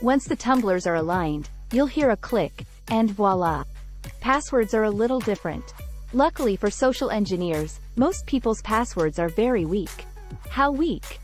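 A woman giving scripted narration of a book summary in an even, measured, explanatory way. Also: mid-range voice, soft background music.

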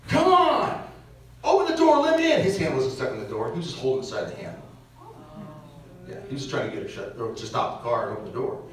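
A man giving a parish mission talk, telling stories and acting out what people said. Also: fairly high pitch. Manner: animated storyteller acting out quotes. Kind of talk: storytelling talk to a church audience. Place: large church. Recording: echoey church, distant mic, faint hiss.

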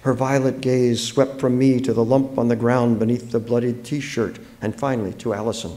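An author from the United States giving an expressive, dramatic public reading of his own fiction at a book fair. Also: medium pitch, moderate pace.

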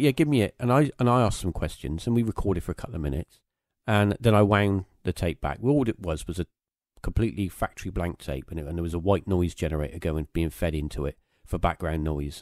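In a dry, studio-quality recording, a low-voiced man with a darkish tone hosts a podcast and spins a long anecdote. It's casual storytelling, rambling and packed with fillers.

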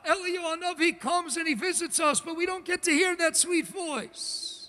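Male rabbi, very high bright voice, dramatic storytelling in a booming synagogue hall. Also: moderate pace. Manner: dramatic storyteller, acts out the characters. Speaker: rabbi giving a talk. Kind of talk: sermon storytelling. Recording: reverberant hall.

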